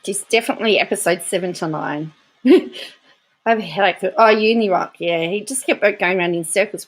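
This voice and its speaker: A woman's voice: mid-range voice, moderate pace. A woman hosting casual reaction commentary, laughing often as she talks. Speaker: commentary host.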